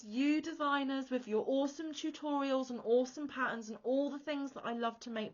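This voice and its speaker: A woman hosting a crochet channel, chatting casually to camera in a gushy, excitable way. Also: on the high side. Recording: dull lo-fi audio.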